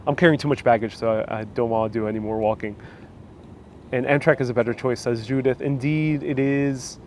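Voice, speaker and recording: A man's voice: medium pitch, a little mellow, a little hiss or hum. A man with a New York accent, chatting casually on a live stream and answering viewer comments, rambling with fillers and restarts. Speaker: vlogger hosting a live stream.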